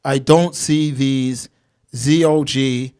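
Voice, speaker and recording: A man's voice: mid-range voice, steady tone, takes it slowly, darkish tone, clean tone. A man, hosting a casual livestream and reading viewers' names and comments aloud in street slang. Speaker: livestream host reading chat.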